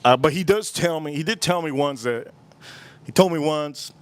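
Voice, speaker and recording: Speaking at normal speed in a fairly high voice, a Miami man runs a livestream reviewing cigars. He rambles casually, says the same phrases over again, and imitates the people he's quoting.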